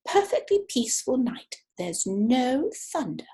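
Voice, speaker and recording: A woman's voice: high voice, big pitch swings, unhurried, warm tone, voice pushed up. A woman voicing a sensible wife who answers her husband firmly and patiently.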